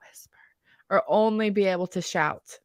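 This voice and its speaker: A woman's voice: medium pitch, a little slow, a bit bright, no echo, clean studio sound. A young woman in her twenties co-hosting a podcast, asking questions in a playful, teasing way. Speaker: podcast co-host. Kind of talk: casual chat.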